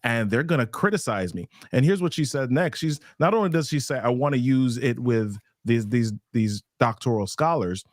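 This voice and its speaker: A man's voice: mid-range voice, expressive, normal speed, few pauses, no echo, studio quality. A man hosting a conversational interview who listens attentively and answers with short affirmations before telling his own story. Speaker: workshop host.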